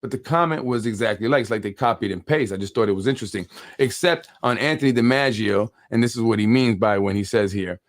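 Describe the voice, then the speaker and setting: A man's voice: fairly low pitch, fast talker. A man hosting a live call-in show on local politics, telling a long story with energy, acting out what others said and repeating words when worked up. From New York.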